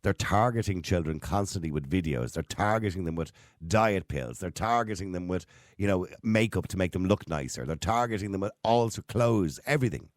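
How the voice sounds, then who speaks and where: Irish man, radio phone-in host, rapid talk, low voice, dry close studio sound. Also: no echo. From Ireland. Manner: animated, talks fast and quickly takes calls. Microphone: studio mic.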